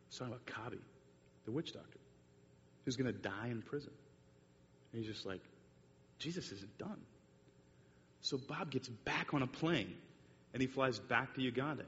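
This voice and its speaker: A man giving a sermon with slides, telling a long story with many fillers and restarts. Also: fairly bright tone. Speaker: speaker giving a church talk with slides. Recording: muffled echoey hall recording with faint rumble.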